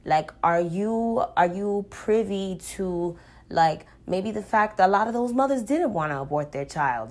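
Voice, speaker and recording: A woman's voice: lowish voice, darkish tone. A woman speaking straight to the camera in an unscripted, blunt monologue, swearing freely as she rants. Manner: blunt, profane, ranting. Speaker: vlogger.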